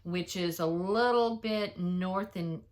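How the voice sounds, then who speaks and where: A retired woman co-hosting a casual chat podcast, chatty and quick to laugh, recorded on a phone. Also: fairly low pitch. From Louisiana, USA. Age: older. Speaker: podcast co-host. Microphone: phone on a table.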